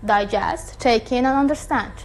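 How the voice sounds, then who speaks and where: A woman teaching an online English listening lesson, speaking deliberately and often checking in with her students. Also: fairly high pitch, low-quality recording. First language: Turkish. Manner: slow, deliberate teacher talk with frequent checks.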